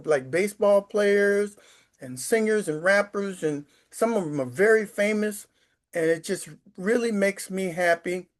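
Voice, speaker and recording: Man in his sixties, high voice, retired teacher, rambling emotional storytelling, stammers, at home. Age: 60s. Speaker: retired sixth grade teacher. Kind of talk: casual storytelling to camera. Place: his apartment.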